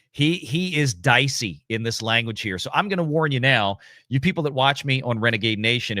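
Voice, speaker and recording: A male livestream host speaks in a subdued, halting way, restarting his thoughts. His voice is forceful and bright, recorded dry and close. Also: medium pitch, no echo. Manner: somber, halting, many fillers and restarts. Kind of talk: casual livestream commentary.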